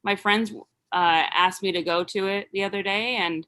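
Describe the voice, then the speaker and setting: A woman doing a rambling, halting stand-up set full of fillers over a video call. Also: medium pitch, steady tone, a bit bright. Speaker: stand-up comedian.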